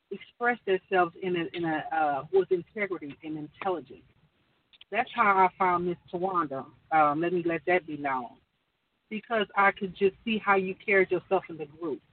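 This caller's voice sits on the low side, and there's no echo, though the phone line sounds distant and tinny. She chats casually and earnestly about running her own business, offering advice and rambling with many fillers.

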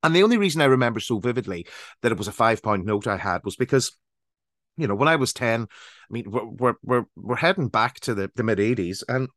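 A man's voice: medium pitch, animated, quick pace, a bit bright, dry recording. A man in his forties with a Northern Irish accent, co-hosting a podcast and telling rambling personal stories. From Northern Ireland. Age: 40s. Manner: rambling, anecdotal storytelling. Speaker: podcast co-host. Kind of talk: casual chat.

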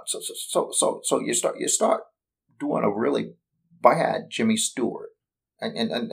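A man's voice: fairly low pitch, vocal fry, husky, low-quality recording. A man hosting his own podcast, chatting casually and rambling, with lots of repeated words and fillers. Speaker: podcast host. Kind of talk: casual solo podcast chat.

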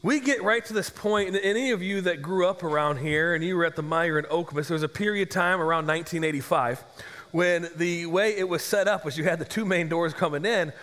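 A man in his forties, a pastor, telling a comic story in a sermon and acting out the dialogue with lively energy. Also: a little high, fairly quick. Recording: long echo of a large hall.

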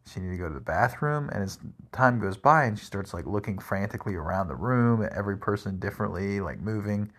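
A man's voice: lowish voice, fairly quick. A man telling rambling everyday stories in a casual monologue, full of "like" and "crazy". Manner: rambling, animated, lots of "like" and "crazy".

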